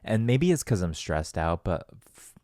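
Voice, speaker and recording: A man's voice: low-pitched, very animated, moderate pace, darkish tone, no room sound, studio quality. A man hosting a solo podcast, talking in a loose, rambling, profane and self-deprecating way. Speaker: podcast host. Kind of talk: casual solo podcast monologue.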